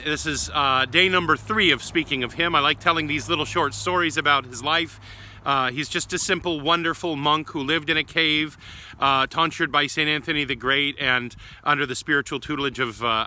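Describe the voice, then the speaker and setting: A man, an Orthodox priest, giving a short homily as a gentle, affectionate storyteller. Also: fairly high pitch, fairly quick, a little hiss or hum. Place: church grounds.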